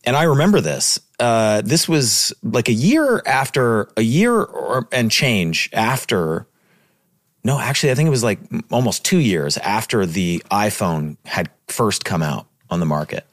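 A man co-hosting a casual podcast, drifting through stories. His voice sits low but moves a lot, and the recording is dry and close. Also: lively intonation, unhurried, dry recording. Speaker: podcast co-host. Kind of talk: casual chat.

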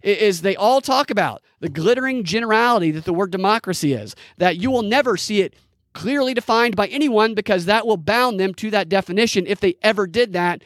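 A man's voice: high-pitched, a little fast, a bit bright, dry recording, clean studio sound. A man hosting a solo commentary podcast, ranting in an indignant, mocking way. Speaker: podcast host.

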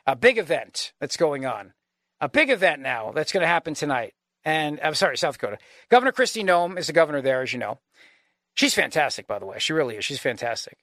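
A man's voice: fairly high pitch, sharp tone, no room sound. A man hosting a political talk radio show, arguing emphatically and firing off rhetorical questions. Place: radio studio.

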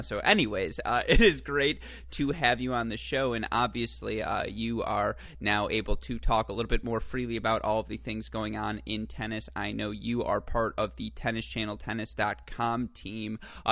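A man's voice: on the low side, creaky, a bit bright, no room sound. Guy hosting a podcast, chatty and jokey, lots of uhs, dry close sound. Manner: chatty, joking, frequent fillers. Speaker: podcast host. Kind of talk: casual podcast interview.

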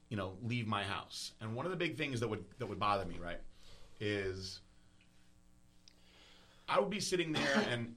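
A podcast host with a low but bright, forward voice. He talks candidly and earnestly, halting and restarting as he opens up, with casual swearing mixed in.

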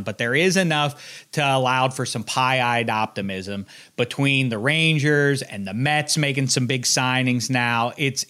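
A man co-hosting a sports talk show, giving opinionated takes that swing from low mutters to emphatic rising rants. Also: a bit bright. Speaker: sports podcast co-host.

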